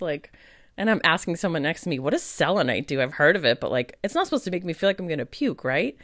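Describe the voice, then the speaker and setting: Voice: mid-range voice, lively intonation, fast talker, fairly bright tone, no echo, clean studio sound. An adult podcast host and psychic medium in a casual monologue, chatty and full of fillers, acting out their own past thoughts.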